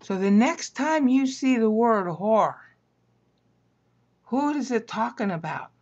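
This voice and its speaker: A woman's voice: a little high, expressive, slow pace, darkish tone. A woman teaching a Bible lecture in a conversational way, often stopping to ask "okay?". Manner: conversational, keeps checking in with "okay?". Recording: dull lo-fi recording.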